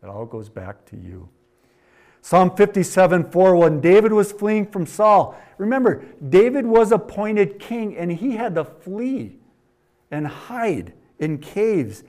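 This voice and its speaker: Wisconsin pastor with swinging emphasis. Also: male voice, sits high, big pitch swings, takes it slowly. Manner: preaching with verse readings, swinging from loud emphatic quotes to quiet asides. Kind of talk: sermon.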